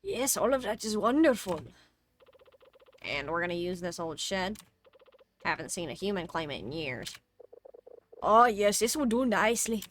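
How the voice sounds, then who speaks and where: A woman's voice: mid-range voice, sing-song, moderate pace, pauses often, a little hiss or hum, lightly acted. A woman voicing a cheerful, encouraging male game character in a vague put-on accent. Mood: cheery.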